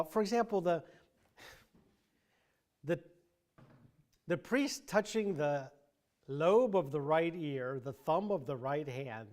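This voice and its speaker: A man with a fairly high speaking voice leads a church Bible class. He talks through the passage casually, restarting sentences as he thinks. He drops in dry, wry asides along the way. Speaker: Bible teacher. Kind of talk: conversational Bible class teaching.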